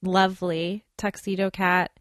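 A woman's voice: lowish voice, level tone, unhurried, dry recording, clean studio sound. A woman hosting a casual chat, playful and chatty. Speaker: podcast host.

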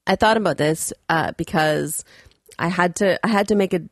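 Woman, podcast co-host, lowish dry voice, rambling, quick to laugh. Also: dry recording. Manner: rambling, laughs often, trails off mid-sentence. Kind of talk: casual podcast chat.

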